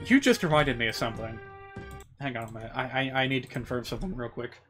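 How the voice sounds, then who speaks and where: A man streaming a video game, chatting in an excitable, rambling way with lots of asides. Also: medium pitch, quick pace, faint music behind. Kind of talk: casual gaming commentary.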